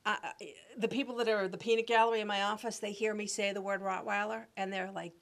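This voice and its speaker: A middle-aged woman on a talk show, telling stories in a lively, chatty way. She acts out the people in her anecdotes with different voices, in an easy, conversational manner. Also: mid-range voice, fast, gravelly. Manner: animated storyteller who acts out voices. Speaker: guest, real estate agent. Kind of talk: casual interview storytelling.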